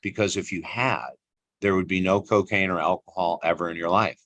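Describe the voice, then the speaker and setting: A man's voice: low-pitched, fairly even intonation, fairly quick, a bit bright, dry recording, pitched below the performer's own voice. A man voicing a stern older male priest who speaks in curt commands. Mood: knowing.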